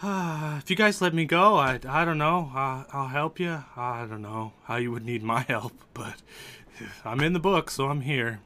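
Dude doing a rambly friendly sea elf guy, bright voice. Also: mid-range voice, measured pace. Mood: rambling. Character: chatty male sea elf prisoner.

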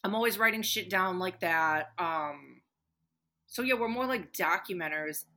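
A woman's voice: on the low side, a little slow, pushed and bright. A woman guest on a podcast, talking casually with plenty of fillers and frequent swearing. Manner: chatty, swears freely, many fillers. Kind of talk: casual chat.

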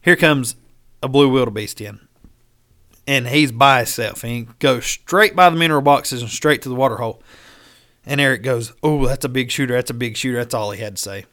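A man's voice: mid-range voice, fairly quick. A man telling a hunting story in casual, profane talk, acting out the lines of the people in it. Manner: animated, profane, acts out quoted dialogue.

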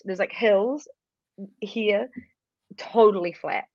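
A woman's voice: on the low side, sing-song, unhurried, gravelly, no room sound. Chatty New Zealand woman, muffled sound. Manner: chatty, rambling with many fillers. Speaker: guest musician. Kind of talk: casual interview chat.

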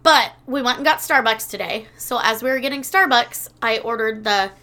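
A woman's voice: fairly high pitch, normal speed, pushed and bright. A woman in her thirties chatting casually as a podcast co-host, a rambling storyteller who swears a lot. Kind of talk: casual chat.

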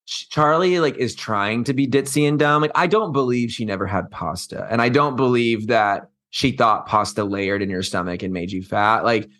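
A man co-hosting a podcast, gossiping about reality television in a campy, animated way. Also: medium pitch, moderate pace, hardly any pauses. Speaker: podcast co-host. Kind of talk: casual chat.

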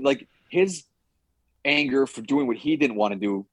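A man's voice: mid-range voice, lively intonation, a little slow, no room sound. A man who trains fighters, chatting casually on a podcast, rambling and swearing now and then with lots of "like" and "you know".

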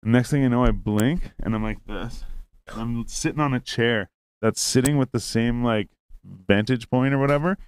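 A man's voice: medium pitch, normal speed, clear, resonant tone, no room sound. A young man telling a long story in casual chat, rambling and swearing often, acting out what people said. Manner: rambling, profane, acts out quoted lines.

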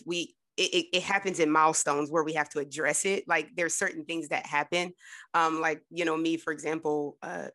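A woman hosting a podcast interview, asking questions in a lively, casual way with playful asides. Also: sits low. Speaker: podcast host.

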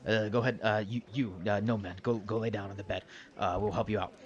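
A man voicing an old human sorcerer who speaks low and quietly, hesitating with many "uh"s. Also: steady tone, fast, lo-fi sound, close to an everyday voice. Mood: reassuring. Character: old male human sorcerer, fussy and reassuring.

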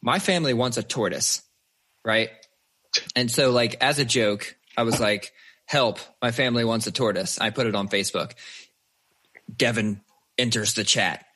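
A man, a father and podcast co-host, chatting casually and telling animated stories with plenty of swearing. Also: medium pitch, normal speed, long pauses, breathy edge. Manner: swears freely, animated storyteller. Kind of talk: casual chat.

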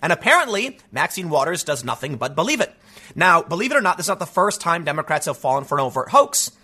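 A man in his thirties hosting a casual commentary show, reading news aloud with animated asides and rapid restarts. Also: on the high side, husky. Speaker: political commentary host.

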